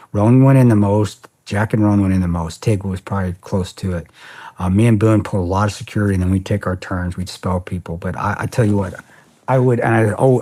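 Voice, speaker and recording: A former soldier appears as a guest on a podcast, telling a story in a casual, animated way with a low-pitched voice. He swears often and says "man" a lot.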